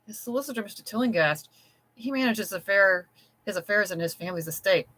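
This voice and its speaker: Reader doing a timid, scared wife, bright and pleading, storybook. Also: medium pitch, animated, a little fast, voice pushed up, poor audio. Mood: tearful. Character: frightened gentle small wife.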